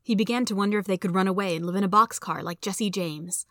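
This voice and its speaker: Woman host, story reader, steady and clear, mid-pitched. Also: fast talker, dry recording, studio quality. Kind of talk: reading a story aloud.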